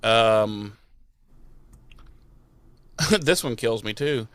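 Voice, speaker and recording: Man, podcast host, casual recap, mock character voices, swearing, smooth voice, dry close sound. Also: fairly low pitch, extremely slow, no echo. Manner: animated retelling with mocking quoted voices and swearing.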